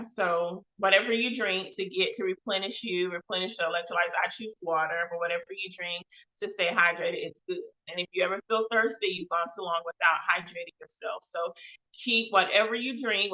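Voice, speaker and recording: A chatty woman hosts a live web show, casually calling out to her chat. Her lowish voice is bright and forceful, with a touch of extra volume. The stream audio comes across dull and lo-fi.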